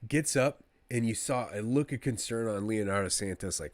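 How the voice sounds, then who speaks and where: A man giving casual live play-by-play of a fight to his stream viewers, rambling and excitable like a fan, talking to the chat between calls. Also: fairly low pitch, normal speed, hardly any pauses, no room sound.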